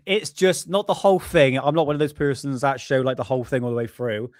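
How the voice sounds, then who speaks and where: A man's voice: mid-range voice, moderate pace, pauses often, no echo, studio quality. Rambling man hosting a live stream. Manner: rambling, apologetic, swears casually. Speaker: livestream host. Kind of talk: casual live-stream chat.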